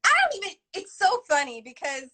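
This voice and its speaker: A bright, high-pitched woman with a lively, swooping voice chats over a live video call. She laughs often and keeps the talk playful. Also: fairly quick. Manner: laughing, playful, quotes lines in put-on voices. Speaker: actress guest. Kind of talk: casual video chat interview. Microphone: phone or laptop on a live video call.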